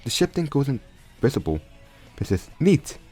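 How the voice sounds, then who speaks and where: A man's voice: on the low side, expressive, moderate pace, a little mellow. A man casually improvising a story aloud, often stumbling and restarting his sentences. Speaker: storyteller retelling a fan crossover story. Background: faint background music.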